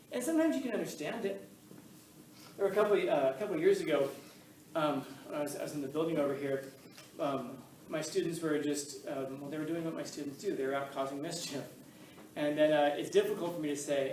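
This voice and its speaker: Animated male teacher in an echoey classroom. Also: fairly high pitch, a little fast, a little hiss or hum. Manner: animated storytelling, acts out voices in anecdotes. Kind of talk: classroom talk on philosophy. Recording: echoey room, mic at a distance.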